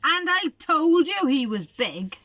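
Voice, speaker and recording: A woman's voice: high-pitched, sing-song, takes it slowly, bright, forceful tone, no echo, pitched above the performer's own voice, full character voice. A woman voicing a small, brave male mouse in a storybook read-aloud, shrieking when scared. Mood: smug.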